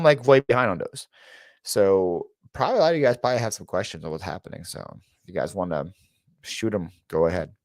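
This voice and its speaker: A man talks casually on his own live stream, greeting viewers by name and drifting into long, rambling stories full of "like" and restarts. His voice sits on the low side, and the sound is close and dry with little room around it. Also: no room sound. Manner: rambling storyteller, reads chat names aloud, frequent fillers and restarts. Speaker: reseller YouTuber hosting a live Q&A.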